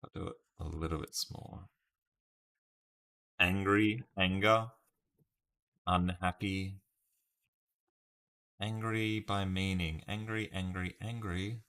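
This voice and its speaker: A man's voice: low voice, steady tone, slow pace, long pauses, a bit bright. A man casually live-streaming a word puzzle, thinking aloud over his guesses and chatting with viewers by name. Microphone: webcam stream setup.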